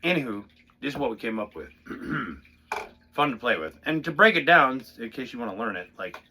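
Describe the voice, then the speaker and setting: A man's voice: medium pitch, very animated, moderate pace, sharp tone, slightly rough. A male drummer talking casually through drum rudiments in a loose, profane, rambling way, stopping to count the beats aloud. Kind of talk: casual spoken demonstration. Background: drum pad playing.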